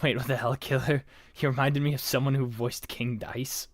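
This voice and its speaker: A man's voice: medium pitch, level tone, normal speed, no echo, close to an everyday voice. A young man streaming in character as a laid-back male skeleton fan character, casual, giggly and self-mocking. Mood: easygoing. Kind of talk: in-character livestream chat.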